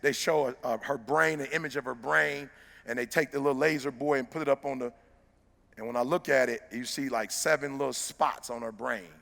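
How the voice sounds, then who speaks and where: A middle-aged man, giving a motivational speech that swings from hushed storytelling to loud exhortation. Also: mid-range voice, steady tone, fairly quick, gravelly. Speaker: motivational speaker. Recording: long hall reverb.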